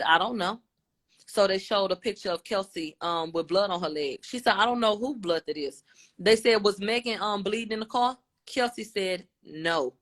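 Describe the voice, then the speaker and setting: A woman's voice: mid-range voice, fairly bright tone. A woman giving a casual, blunt recap of courtroom testimony, voicing both the questions and the answers in turn. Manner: informal, blunt, with slang. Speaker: commentator.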